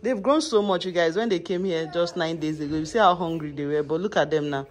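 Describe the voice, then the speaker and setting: A woman's voice: low-pitched, fast talker, a crowd in the background. A woman vlogging casually at home, coaxing and calling her dogs and laughing often. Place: home indoors.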